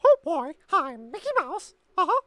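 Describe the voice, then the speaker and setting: A chirpy male cartoon mouse in a squeaky, piercingly high falsetto. The voice bounces along in a sing-song way, and the recording is dry and close with no room sound. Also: sing-song, normal speed, a bit bright, dry recording, full character voice.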